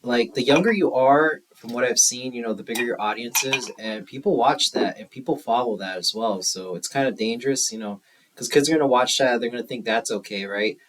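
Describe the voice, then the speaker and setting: A man's voice: mid-range voice, brisk, a bit bright, distant mic, slight background noise, poor audio. A man co-hosting a podcast in casual, easygoing chat, agreeing with and adding to his co-host. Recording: voice a bit off-mic.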